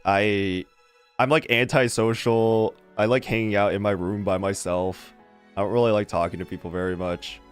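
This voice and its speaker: A streamer chatting casually with a live chat, animated and rambling, laughing often. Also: low voice, moderate pace, clean tone, soft background music.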